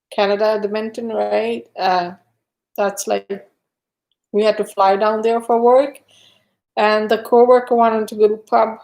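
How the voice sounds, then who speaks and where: A woman's voice: mid-range voice, darkish tone. A middle-aged woman hosting a casual live stream, chatting with viewers and telling stories with frequent laughter. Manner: chatty storyteller, laughs often.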